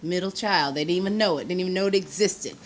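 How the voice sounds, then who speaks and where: A woman's voice: fairly low pitch, quick pace, slight background noise. A chatty woman hosting a local TV interview, laughing often. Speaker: host.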